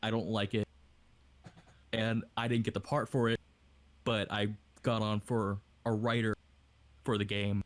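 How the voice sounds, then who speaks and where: A man's voice: lowish voice, little pitch movement, a little slow, dry recording. A young man from Hawaii, an aspiring voice actor, chatting casually in a rambling way over a voice call. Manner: rambling, casual, with many fillers. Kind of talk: casual podcast chat.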